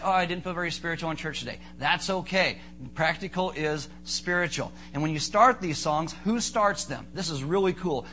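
A male pastor delivering a lively, joking sermon in a high, bright, forceful voice. He acts out quick comic asides between points. A faint noise sits under the recording. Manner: joking, animated preaching with acted-out asides.

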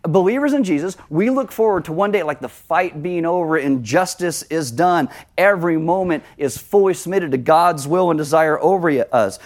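A middle-aged man preaching a sermon as pastor, conversational, with lively asides. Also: on the high side.

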